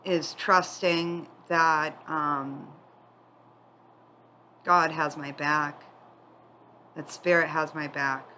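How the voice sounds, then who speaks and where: A woman giving a spiritual tarot reading, tearful and crying as she talks in a candid, halting, confiding way. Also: sits low, flat delivery, pushed and bright, slight background noise, low-quality recording. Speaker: tarot reader.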